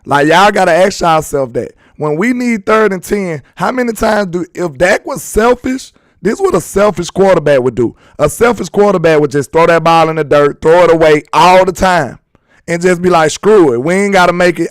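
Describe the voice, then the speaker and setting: A man hosting a casual sports talk stream, slangy and emphatic, speaking straight to his viewers, his voice a bit hoarse. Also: sits high, dry recording. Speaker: sports talk livestream host. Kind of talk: casual sports commentary, reading chat.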